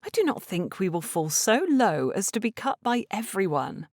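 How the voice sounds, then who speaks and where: A woman voicing an earnest, gentle young lady in a Regency audiobook, speaking in a pleading way. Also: mid-range voice, big pitch swings, moderate pace, dry recording, clean studio sound, pitched above the performer's own voice. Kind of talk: audiobook character reading.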